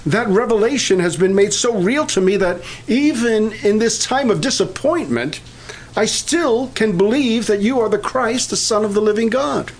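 An older man preaching a sermon, pausing often and restarting his sentences. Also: high voice, expressive. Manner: halting, many filler pauses and restarts.

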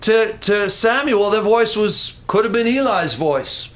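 A man preaching a sermon, telling the story in an animated way and slowing down for dramatic emphasis. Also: high voice. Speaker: pastor.

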